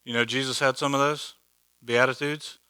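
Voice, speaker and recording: A man's voice: mid-range voice, flat delivery, normal speed, bright, forceful tone, smooth. A man teaching a Bible study in a church hall, conversational and joking, with many rhetorical questions.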